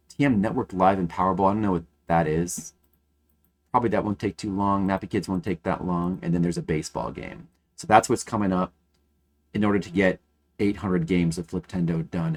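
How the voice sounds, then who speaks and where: A man's voice: on the low side, fairly bright tone. A man streaming games, chatting casually and thinking aloud, rambling with frequent restarts. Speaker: game streamer. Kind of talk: casual live-stream chat.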